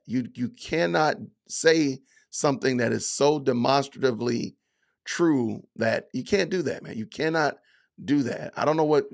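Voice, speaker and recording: A man's voice: medium pitch, vocal fry. A man hosting a livestream podcast, chatting loosely with his viewers. He reads out commenters by name and reacts in a sarcastic, mock-offended way, leaning hard on his words and drawing them out. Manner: sarcastic mock-offended, drawn-out emphatic delivery; addresses chat commenters by name. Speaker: podcast host reading live chat.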